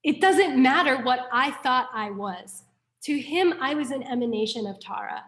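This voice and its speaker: Her voice sits high and moves at a normal speed. She's a young woman from New York City, chatty and casual as she leads a Buddhist class, animatedly spinning stories and dropping "like" into nearly every thought.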